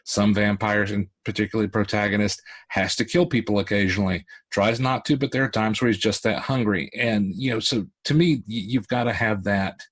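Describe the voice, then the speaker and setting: A man's voice: fairly low pitch, fairly even intonation, fairly quick, few pauses, husky. A man on a panel discussion, speaking as an author over a video call, thinking aloud and rambling with many fillers.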